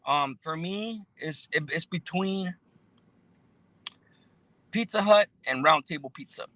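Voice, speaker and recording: A man's voice: a little high, takes it slowly, bright, forceful tone, no room sound, rough recording. A man, chatting casually on a livestream as he reads and answers viewer comments, laid-back and full of slang and fillers. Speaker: YouTuber reading live chat.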